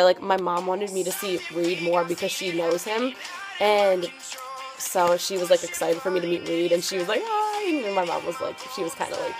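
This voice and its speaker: A teenage girl telling a story on her vlog in an excitable, gushing way, full of "like" fillers. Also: lowish voice. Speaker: vlogger. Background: background music.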